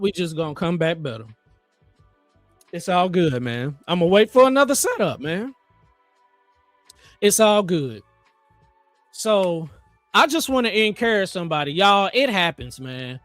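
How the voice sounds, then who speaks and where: A man hosting a live trading stream, chatting casually in an animated, joking, motivational way. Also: sits high, unhurried, pauses often, no room sound, faint music behind. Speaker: trading livestream host.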